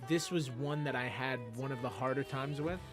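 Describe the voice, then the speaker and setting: A man co-hosting a casual album review, opinionated and animated. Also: mid-range voice, normal speed, over music. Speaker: music review co-host. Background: album playing faintly.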